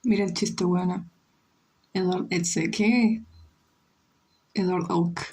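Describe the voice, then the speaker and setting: A young woman chats idly on her drawing stream, her voice a little husky and breathy. She talks slowly, rambling and teasing, dropping into Spanish here and there. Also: fairly low pitch, steady tone, dark tone, low-quality recording. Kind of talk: casual livestream chat while drawing.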